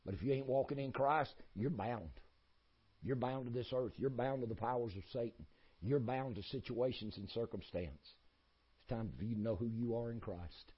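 Male preacher, husky folksy delivery, emphatic repetitive sermon cadence. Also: mid-range voice, moderate pace, lo-fi sound.

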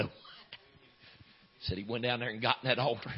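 A man preaching a revival sermon, telling a story and building to chanted shouts with gasped breaths. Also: mid-range voice, steady tone, a little fast, long pauses, breathy edge. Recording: dull lo-fi recording.

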